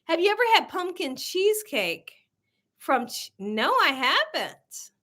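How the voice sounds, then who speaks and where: A woman's voice: very high voice, very animated, a little slow, fairly bright tone. A woman hosting a casual cooking livestream, chatty and laughing often as she reads viewer comments aloud. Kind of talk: casual live chat reading viewer comments.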